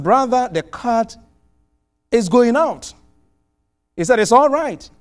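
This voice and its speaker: A middle-aged man from outside the US preaching a sermon, telling a personal story with animated, swelling exclamations. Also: high-pitched.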